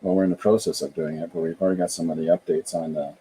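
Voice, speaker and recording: A man's voice: low voice, big pitch swings, racing, vocal fry, mellow, a little hiss or hum, low-quality recording. A middle-aged man from Canada, a podcast host and author, chatting casually and thinking aloud with frequent restarts.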